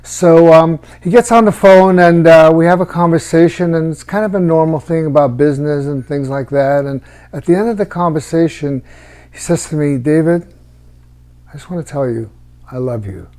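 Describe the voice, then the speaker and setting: A middle-aged man telling a personal story in a halting, reflective way, with frequent restarts. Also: a little high, darkish tone, smooth.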